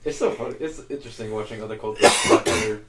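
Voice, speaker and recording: A young man co-hosting a podcast who jumps in with quick, excitable remarks. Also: fairly low pitch, over a noisy crowd. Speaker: podcast co-host. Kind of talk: casual chat.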